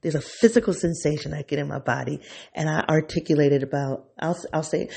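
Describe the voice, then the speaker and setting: A man talks through his thoughts on his own podcast, unscripted and excitable, often restarting and circling back. His voice sits a bit high for a man, yet it is mellow and dark in tone, with a husky, gravelly texture. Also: brisk. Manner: thinking aloud, excitable, circling back on himself. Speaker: podcast host. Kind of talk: unscripted reflective monologue.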